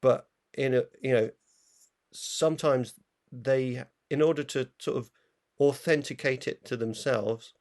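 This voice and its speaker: A man's voice: medium pitch, measured pace, a little mellow. A man co-hosting a film review show, talking in a rambling, casual way full of fillers and restarts. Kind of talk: casual chat.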